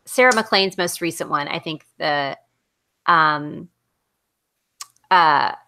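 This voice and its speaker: Middle-aged Southern woman, podcast co-host, rambling casual book talk. Bright, forceful voice sitting a little low for a woman. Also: takes it slowly, a little hiss or hum. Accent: Southern American. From American South. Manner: chatty, rambling, many fillers and restarts. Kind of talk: casual book discussion chat.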